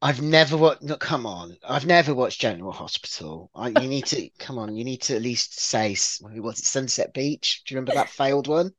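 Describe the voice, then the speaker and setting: Lively, stammering male podcast guest. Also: mid-range voice, a little fast, few pauses, no room sound. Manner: lively storyteller, stammers and restarts. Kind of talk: casual podcast chat.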